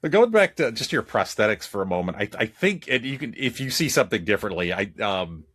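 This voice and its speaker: A man's voice: on the low side, big pitch swings, quick pace, fairly bright tone. A man co-hosting a casual movie review podcast, often laughing and stumbling over restarts. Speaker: podcast co-host.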